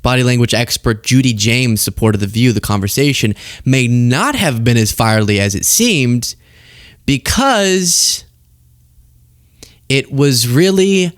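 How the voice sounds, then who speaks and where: A man's voice: medium pitch, animated, measured pace, no room sound, studio quality. A man hosting a political commentary show, talking casually and sarcastically with frequent laughter.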